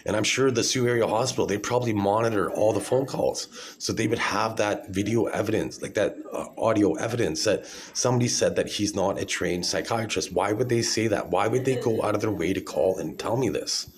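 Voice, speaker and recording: Deep-voiced man, forties, rambling phone monologue, keeps asking "right?", light background hiss. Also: a little fast, few pauses.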